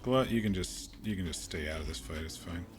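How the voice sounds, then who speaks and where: Low-voiced man muttering through gameplay. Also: a little fast, over music. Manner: relaxed, muttering to himself, sudden excited outbursts. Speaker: gaming channel host. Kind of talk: casual gameplay commentary.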